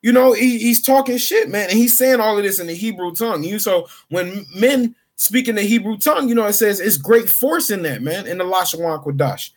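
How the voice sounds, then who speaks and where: A man's voice: high voice, fairly quick, few pauses, husky. A man reading scripture aloud and paraphrasing it in casual, slangy street talk as a bible teacher. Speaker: street preacher.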